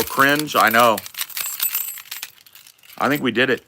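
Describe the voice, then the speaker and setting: A man's voice: mid-range voice, takes it slowly, pauses often, background noise. A man live streaming who chats casually with his viewers, joking around and swearing freely.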